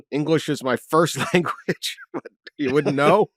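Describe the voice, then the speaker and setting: A man's voice: a little high, no echo, clean studio sound. A middle-aged man from the Boston area, co-hosting a casual sports chat and telling rambling, self-deprecating stories with frequent laughter. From Boston area, Massachusetts. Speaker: podcast co-host.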